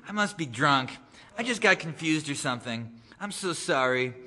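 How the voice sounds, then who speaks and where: A man's voice: fairly high pitch, animated, normal speed, bright, forceful tone. A man reading aloud the lines of a tipsy teenage girl, who gushes, apologizes and says "like" and "totally" a lot. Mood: apologetic. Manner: gushing, apologetic, sprinkled with "like" and "totally". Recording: long reverb of a gallery hall.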